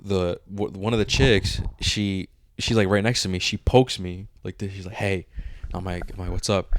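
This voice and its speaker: A podcast co-host in his twenties tells a story in casual chat, animated and swearing freely as he acts out the dialogue. His voice sits low at a normal speed, with a slight hiss or hum in the audio.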